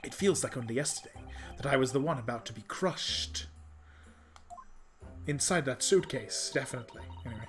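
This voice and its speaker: A man's voice: medium pitch, lively intonation, normal speed, soft background music, lightly acted. Man reading as a young male lawyer, nervous, earnest, polite, game dialogue.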